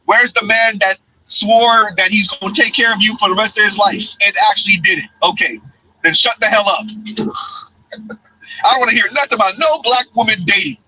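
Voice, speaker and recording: A man's voice: sits high, normal speed, bright, forceful tone, a little hiss or hum, rough recording. A man hosting a blunt, mocking commentary show while riding in a car, often laughing. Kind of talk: casual live commentary. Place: in a car, in transit.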